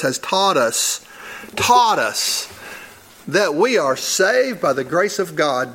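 A man's voice: sits high, fairly bright tone. A man, a church elder, preaching a sermon in a conversational storytelling way and chuckling at his own stories.

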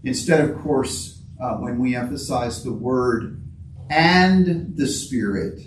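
A man preaching as a guest pastor in a church, pausing often and repeating words as he searches for his phrasing. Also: medium pitch, echoey room, distant mic, a little hiss or hum, low-quality recording. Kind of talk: sermon.

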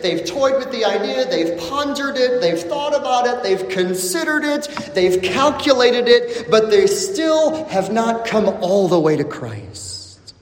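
Impassioned preacher in an echoey hall. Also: male voice, very high voice. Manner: dramatic storytelling, swings between loud urgency and hushed lines. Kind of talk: sermon.

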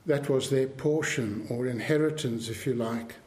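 A man preaching a sermon to his congregation with a measured, emphatic delivery. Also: mid-range voice, darkish tone, reverberant. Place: church.

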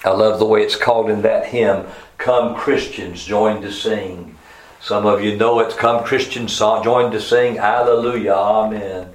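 A man preaching a sermon, fervent, his voice swinging from soft, slow passages to loud, rising emphasis. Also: lowish voice, fairly even intonation. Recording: echoey room with faint ambience.

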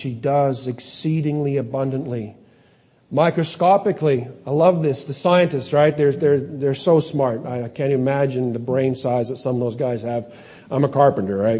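A man preaching a sermon, telling stories with lively energy and sometimes acting out excited scientists in a higher voice. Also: normal speed. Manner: animated storytelling, acts out excited scientists in a higher voice. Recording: long hall reverb.

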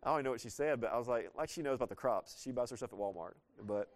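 A man's voice: medium pitch, lively intonation, rapid-fire. A man with a Southern US accent preaching a sermon as a pastor, in a conversational, folksy storytelling way with sudden bursts of emphasis. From Southern United States.

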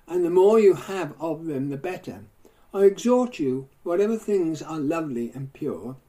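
Mellow-voiced man preaching with fervor. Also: a little high, low-quality recording. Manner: declamatory, with swelling emphasis and hushed endings. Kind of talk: sermon.

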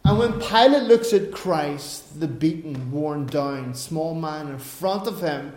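A man's voice: a little high, lively intonation, slow, darkish tone. A man preaching a sermon earnestly, asking rhetorical questions, recorded in an echoey room.

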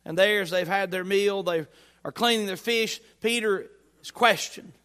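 A man's voice: high voice, moderate pace, pushed and bright, clean tone, big-room sound. A man preaching a sermon in a folksy, conversational way, his emphasis rising and falling. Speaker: pastor. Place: church sanctuary.

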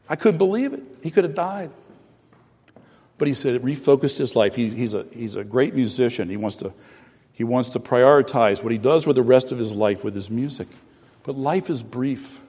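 A middle-aged man preaching a sermon, earnest, with restarts and repeated phrases, swinging between loud and soft. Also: mid-range voice, breathy edge. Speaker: pastor. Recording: preaching voice with long hall reverb.

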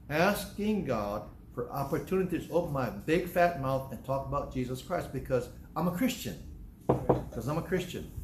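A male pastor delivering a sermon, conversational but breaking into loud emphatic bursts. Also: fairly high pitch, a little hiss or hum. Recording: echoey room.

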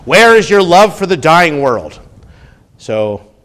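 A male pastor giving a teaching sermon, climbing much higher and louder when he reads quotations and dropping low and quiet on his asides. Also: very animated, slow. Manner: teaching tone, rises sharply when quoting, drops low on asides. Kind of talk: expository sermon.

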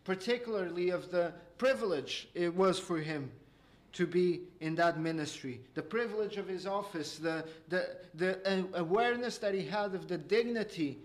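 A man with a notably high voice delivers an expository sermon. He speaks earnestly, often hesitating and restarting mid-phrase. He slows down and lifts his voice when he wants a point to land. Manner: slows and rises for emphasis. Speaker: preacher.

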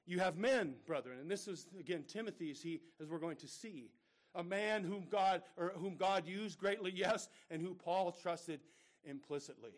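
A middle-aged man preaching in a high-pitched voice. He talks earnestly and keeps asking rhetorical questions. He often turns to his listeners as brethren. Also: normal speed. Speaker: pastor. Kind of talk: sermon.

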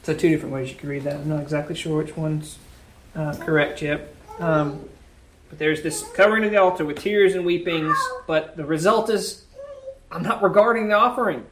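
A man's voice: fairly high pitch, steady tone, moderate pace, background noise. Man teaching a Bible study. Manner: reads scripture aloud, then explains it in plain casual words.

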